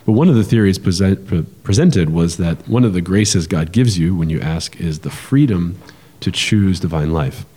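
A man with a deep, mellow voice talks through ideas in a relaxed podcast conversation. He is animated and explanatory, often restarting phrases and filling pauses. The sound carries a long, hall-like reverb. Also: husky. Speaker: podcast co-host. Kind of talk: casual conversational podcast talk.

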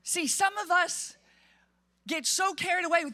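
Woman pastor, high-pitched, emphatic animated sermon delivery in a church. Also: a little slow. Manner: animated, emphatic preaching with acted-out quotes.

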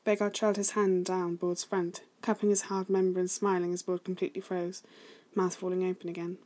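A woman reading fan fiction aloud in a soft, hushed voice that sometimes drops to a whisper. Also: lowish voice, little pitch movement, a little fast. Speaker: story reader.

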